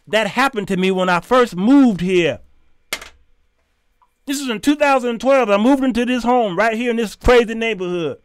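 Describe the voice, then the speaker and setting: Man, middle-aged, smooth clear voice, dry close mic, animated preachy host. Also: sits high, normal speed, no room sound. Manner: animated, preachy storytelling with shouts and asides. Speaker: show host. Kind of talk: storytelling commentary.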